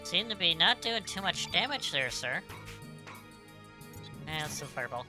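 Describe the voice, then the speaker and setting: A woman's voice: fairly low pitch, very animated, normal speed, music in the background. A woman streaming herself playing a game, chatting and reacting aloud in a casual way, sometimes humming.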